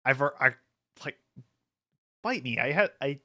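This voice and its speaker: A man's voice: medium pitch, lively intonation, slow pace, pushed and bright. A man streaming casually, rambling with lots of fillers and frequent laughter, hyped up from an energy drink. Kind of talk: casual livestream chat.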